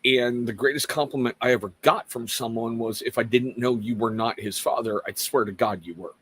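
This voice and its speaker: A man's voice: mid-range voice, a little fast, a bit bright, slight background noise. A middle-aged man from Washington State hosting a casual live talk show, speaking earnestly to viewers with rambling, self-mocking asides. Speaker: livestream host.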